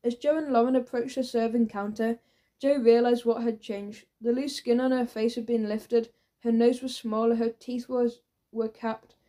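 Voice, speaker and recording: Woman narrator, children's audiobook, lively, warm mellow voice, slightly high. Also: moderate pace. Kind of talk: scripted narration.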